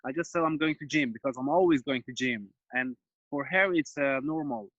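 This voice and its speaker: A man's voice: medium pitch, a little fast, no echo, lo-fi sound. A man from Iran, a stuntman guest on a podcast, telling stories in casual English and acting out the voices he quotes. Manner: animated storyteller, acts out quoted voices, non-native phrasing. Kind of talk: casual storytelling interview.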